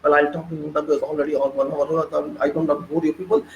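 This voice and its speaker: A man's voice: fairly high pitch, quick pace, muffled recording, slight background noise. A man with an Indian accent delivering an impassioned, ranting political monologue with heavy repetition. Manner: excitable, ranting, repetitive emphasis. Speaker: political commentator.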